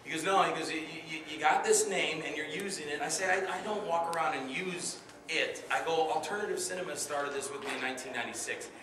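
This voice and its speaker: A man answering audience questions at a convention panel, telling animated stories and acting out the dialogue with loud outbursts. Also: a little high, fast, few pauses. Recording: roomy hall, distant mic, noisy.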